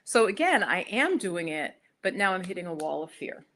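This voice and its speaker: A woman's voice: on the low side, very animated, moderate pace, fairly bright tone. A middle-aged American woman chatting casually on her own livestream, rambling with restarts and fillers. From United States. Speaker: spiritual YouTuber.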